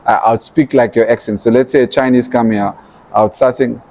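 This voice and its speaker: A man talks through his story as a podcast guest, his voice mellow and warm. He tells it with animation, slipping into quoted lines of what he once thought or said. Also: medium pitch, steady tone, a little fast. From Namibia. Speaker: entrepreneur and activist guest.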